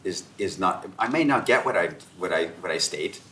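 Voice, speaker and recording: A man's voice: sits low, moderate pace. A man from Canada, an author and host, telling stories at a round-table discussion and acting out the dialogue as he goes. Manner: animated storyteller who acts out dialogue. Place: room around a table. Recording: roomy echo, faint background noise.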